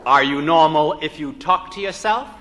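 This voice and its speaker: A man's voice: a little high, moderate pace, sharp tone. A man from the United States giving a humorous live lecture as a psychologist, telling jokes and quizzing his audience with rhetorical questions. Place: lecture hall before an evening audience. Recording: 1961 live lecture LP with hall reverb and faint noise.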